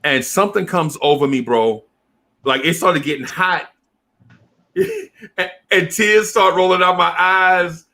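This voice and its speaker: A middle-aged man tells a long story in casual talk. His voice is bright and sits a little high. He jumps between quoted voices and keeps dropping in slang. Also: measured pace, gravelly, pauses often. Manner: acts out teachers and kids in quoted voices, heavy slang. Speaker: podcast co-host telling a childhood story.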